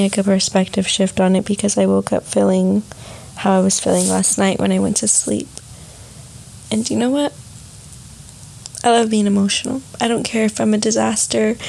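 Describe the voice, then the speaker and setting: Gravelly, dark-voiced woman sharing feelings. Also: medium pitch, poor audio. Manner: soft, heartfelt and repetitive. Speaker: vlogger. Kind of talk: emotional personal reflection.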